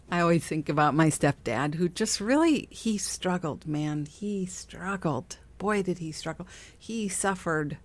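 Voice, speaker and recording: A woman's voice: lowish voice, takes it slowly. A middle-aged woman hosting a podcast, talking casually about spiritual self-help, chatty and laughing often, acting out voices she quotes. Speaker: podcast host.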